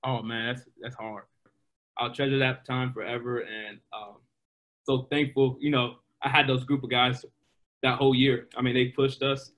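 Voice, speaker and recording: A young man, a pro baseball player, telling animated stories in a casual interview, full of fillers. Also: medium pitch, moderate pace. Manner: animated, excitable, many fillers. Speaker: guest, professional baseball player.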